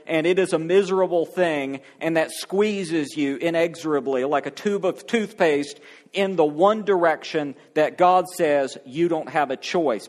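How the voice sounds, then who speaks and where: A man preaching a sermon, reading scripture aloud and then exhorting the congregation, stretching words out slowly for emphasis. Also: a little high. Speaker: pastor.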